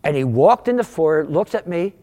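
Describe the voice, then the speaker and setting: A man in his sixties from outside Philadelphia, telling his conversion story as a sermon testimony, with animated, storytelling delivery. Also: normal speed, long reverb tail. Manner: animated storytelling, wide pitch swings, rising for punchlines. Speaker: guest speaker giving testimony.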